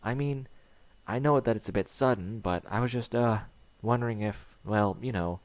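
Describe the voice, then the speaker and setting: A man voicing a shy, nervous young female unicorn who speaks haltingly. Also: fairly low pitch, no echo, natural voice. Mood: hesitant. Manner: hesitant, halting speech.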